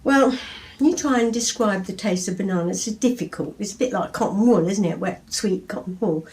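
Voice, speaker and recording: An English woman in her seventies tells stories about her poems in a chatty, anecdotal way. Her reading voice is lively, and she tells each tale like an old memory. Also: medium pitch, normal speed. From England. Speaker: poet. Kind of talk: storytelling and poetry reading.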